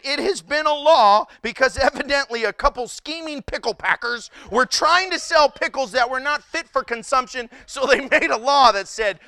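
In a very high voice at a moderate pace, a man preaching a humorous sermon spins lively stories, laughing frequently and exclaiming in disbelief. The pastor is captured in a dry, studio-quality recording.

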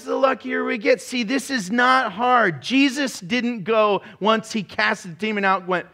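A man preaching a sermon to a room, energetic and animated, breaking into shouts and laughs. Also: high voice, unhurried. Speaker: pastor. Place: church room with congregation.

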